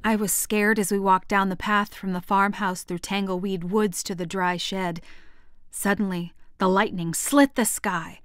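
Slow, gentle woman reading aloud. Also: medium pitch, clear, resonant tone, no room sound, studio quality. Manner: gentle, expressive storytelling. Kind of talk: picture book read-aloud.

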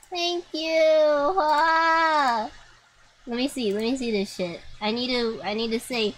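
A young woman streaming a game, chatting to her viewers with lots of swearing and sudden excited outbursts. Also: sits high, takes it slowly, rough recording. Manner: excitable, swears freely, talks to chat. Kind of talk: live gameplay commentary.

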